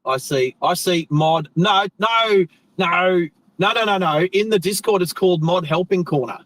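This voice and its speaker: A man's voice: high voice, measured pace, fairly bright tone, no room sound, poor audio. An Australian man hosting a live stream, chatting casually and rambling as he corrects himself mid-sentence. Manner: rambling, chatty, self-correcting, friendly slang. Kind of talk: casual live stream chat while driving.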